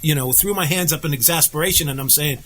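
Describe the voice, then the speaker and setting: High-voiced man telling animated stories. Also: fast, a little hiss or hum, rough recording. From United States. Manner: animated storyteller, acts out quotes. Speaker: podcast co-host. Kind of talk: casual political chat.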